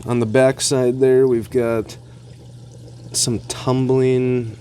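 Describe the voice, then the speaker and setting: A man vlogging a casual walkthrough of his home reef tank equipment, relaxed and rambling with fillers and asides. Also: medium pitch, very slow, a little hiss or hum. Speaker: aquarium hobbyist vlogger.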